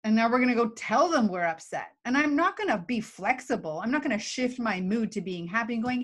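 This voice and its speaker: A woman's voice: a little high, brisk, few pauses. A woman, a guest expert on emotional intelligence, talking in a casual live video chat and acting out examples as she explains. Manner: animated, explains with acted examples.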